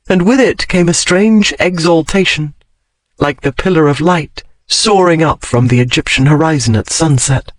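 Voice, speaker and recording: A man reading a romance novel aloud in a steady, measured storytelling voice. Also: a little high, no room sound, low-quality recording. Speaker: audiobook narrator. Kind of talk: scripted romance narration.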